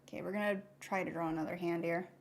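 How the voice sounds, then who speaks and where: A woman's voice: lowish voice, steady tone, quick pace. A young woman hosting a live art stream, chatting casually and reading chat aloud while she draws.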